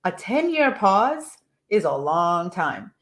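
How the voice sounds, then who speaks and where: A woman's voice: on the low side, big pitch swings, takes it slowly. A woman money mindset coach leading a live coaching call, reading a listener's message aloud and asking her audience to reflect on it.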